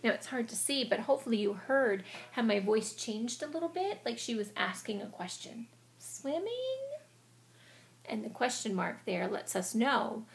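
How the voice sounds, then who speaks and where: A woman teacher reads a storybook aloud to children and stops often to explain it patiently. Her voice sits a little high, with a gravelly, creaky texture. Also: moderate pace, hardly any pauses.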